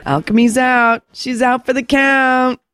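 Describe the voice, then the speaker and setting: Wry joking woman, high voice. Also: fairly even intonation, measured pace, fairly bright tone, smooth.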